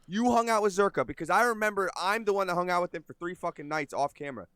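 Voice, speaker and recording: A man talking on a stream clip in a fast, accusing, profane way. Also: high-pitched, a bit bright, smooth, dry recording. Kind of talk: casual livestream talk.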